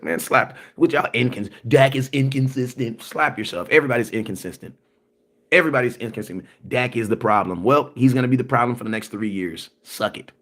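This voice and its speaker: A man with a mid-range, fairly bright voice hosts a sports livestream, delivering an animated rant. He's emphatic and repetitive, uses slang, answers viewer comments, and keeps asking "you know what I'm saying."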